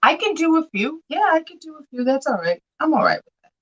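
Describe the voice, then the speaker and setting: A woman's voice: high voice, big pitch swings, quick pace, highs cut off, background noise. A woman selling vintage glass on a live sale, chatting and telling stories with playful voiced quotes.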